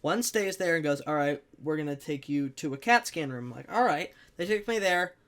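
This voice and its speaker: A young man telling a comic personal anecdote in an animated, jokey way, with sudden loud bursts. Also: fairly high pitch, fairly quick. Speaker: storyteller.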